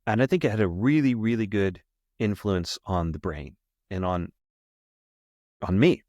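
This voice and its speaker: Rambling low-voiced man telling a story. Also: unhurried, a little mellow, no room sound. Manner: rambling, repeats himself, self-correcting. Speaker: podcast host. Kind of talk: casual personal storytelling.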